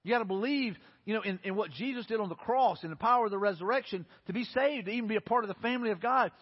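A man's voice: high-pitched, rapid-fire, husky, long reverb tail, lo-fi sound. A man preaching a sermon in an earnest way, building to impassioned pleading. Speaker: pastor.

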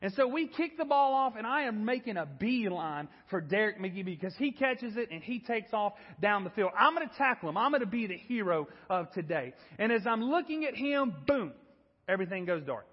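A man in his thirties preaches a sermon in a high, husky voice, telling stories in an animated and self-deprecating way. His voice carries the long reverb of a church hall, and the recording sounds dull and muffled. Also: brisk. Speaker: pastor. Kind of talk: sermon with storytelling.

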